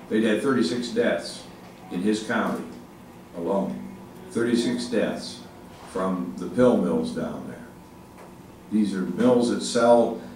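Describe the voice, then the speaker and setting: An older man giving a speech to an audience, halting with many fillers and restarts, speaking with emphasis. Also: mid-range voice, darkish tone. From Ohio, United States. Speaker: state legislative leader giving a speech. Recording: echoey hall, mic far off, faint noise.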